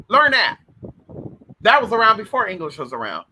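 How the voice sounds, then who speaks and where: Hosting an informal spiritual advice monologue, this man sounds sassy and profane, stays animated and shouts out suddenly now and then. His voice is high and piercingly bright at a moderate pace, over poor audio with slight background noise.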